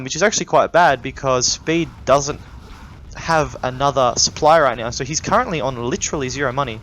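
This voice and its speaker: A man casting a strategy game replay in casual commentary, thinking aloud and breaking into excited exclamations. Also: medium pitch, muffled recording. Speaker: gaming YouTuber casting a replay.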